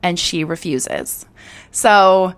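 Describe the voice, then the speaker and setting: A young woman tells a true-crime story in a casual, chatty way. Her voice sits fairly low, and she talks candidly, with plenty of fillers and the odd swear. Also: very slow, clear, resonant tone.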